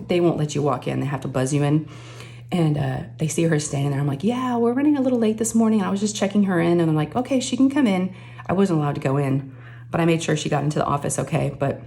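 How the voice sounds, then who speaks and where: Woman, lowish voice, crafting vlog host, animated storytelling, high-pitched quoted voices. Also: vocal fry. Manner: says "oh my gosh" and "y'all" often. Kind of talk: casual chatty storytelling.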